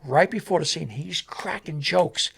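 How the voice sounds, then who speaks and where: A man, a stuntman guest, telling animated on-set stories and acting out the voices of the people in them. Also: a little high, a little slow, gravelly, breathy edge. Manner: animated, acts out voices in anecdotes. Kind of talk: animated storytelling.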